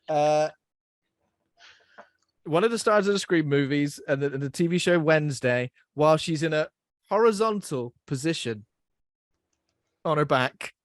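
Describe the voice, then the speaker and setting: A man's voice: on the high side, lively intonation, measured pace, long pauses, no echo, clean studio sound. A young man hosting a podcast in casual chat, rambling and self-deprecating as he laughs at his own jokes. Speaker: podcast host.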